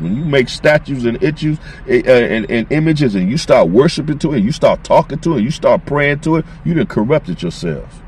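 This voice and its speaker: A man's voice: on the high side, lively intonation, brisk, a little mellow, a little hiss or hum. A man preaching on scripture as a street preacher, emphatic and repetitive in informal phrasing.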